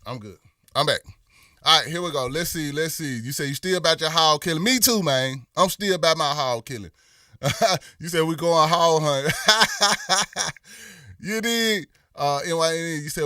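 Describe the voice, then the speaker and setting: A man's voice: a little high, bright, forceful tone, no room sound, studio quality, distant mic. A middle-aged man with a Memphis accent, hosting a casual livestream and reading viewer comments in a drawling, laid-back way, his voice a little worn from performing. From Memphis, Tennessee. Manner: laid-back, drawling, lots of "you know what I'm saying". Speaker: livestream host.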